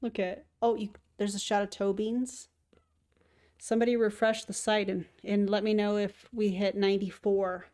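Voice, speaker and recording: A woman's voice: medium pitch, flat delivery, moderate pace, warm tone. A woman hosting a casual livestream, chatting to viewers and cooing to her cat. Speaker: streamer host.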